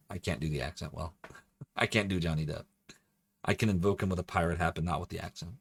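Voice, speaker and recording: A man's voice: low voice, steady tone, quick pace, vocal fry, husky. A male game streamer chatting casually with his viewers as he plays, rambling and laughing often. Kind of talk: casual live-stream commentary.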